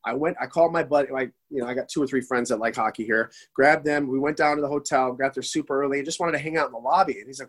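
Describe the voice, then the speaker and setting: A man in his forties telling stories excitedly in a casual podcast chat, rambling with many restarts. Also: mid-range voice, rapid-fire, few pauses. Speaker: podcast guest. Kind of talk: casual storytelling.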